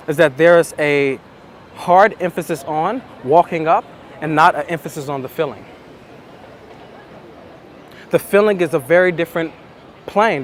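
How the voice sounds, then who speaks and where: Man coaching slowly outdoors. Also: a little high, slight background noise. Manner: slow, repetitive, emphatic. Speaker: dating coach. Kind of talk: reflective monologue.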